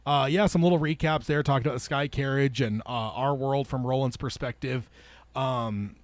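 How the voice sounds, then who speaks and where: A man's voice: mid-range voice, moderate pace, no echo. A man hosting a casual book club podcast, reading passages aloud and talking it over with plenty of fillers and restarts. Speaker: podcast host.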